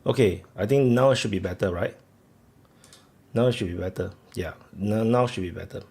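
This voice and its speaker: This live-stream host speaks at normal speed in a lowish, husky voice with vocal fry and a dark tone. He rambles casually, talks to his viewers and fills pauses with chatter, fillers and restarts.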